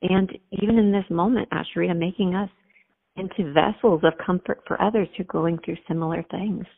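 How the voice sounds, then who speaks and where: A woman's voice: lowish voice, steady tone, fairly quick, breathy edge, big-room sound. A woman guest telling a heartfelt personal faith story in an earnest, chatty way. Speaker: podcast guest. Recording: tinny phone-like line.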